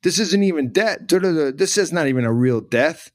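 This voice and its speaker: A middle-aged podcast guest, his voice on the high side and animated, speaks a little fast while telling a story in conversation. He stresses points by repeating words, and his emotion rises at times. The studio-quality recording has no room sound.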